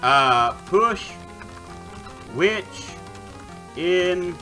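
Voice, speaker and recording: A man's voice: high-pitched, lively intonation, extremely slow, over music. A man streaming a retro game, casually commenting, joking, and reading the game's text aloud. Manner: playful, joking asides, typing commands aloud.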